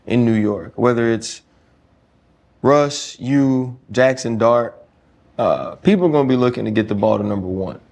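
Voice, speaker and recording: A man's voice: mid-range voice, normal speed, creaky, darkish tone. A man hosting a podcast, asking casual interview questions. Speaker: podcast host.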